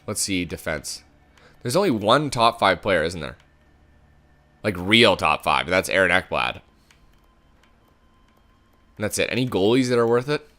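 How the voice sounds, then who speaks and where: A young man giving casual commentary on his own sports video game, swearing a lot and swinging between low muttering and angry shouts. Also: big pitch swings, measured pace, pauses often. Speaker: gaming YouTuber.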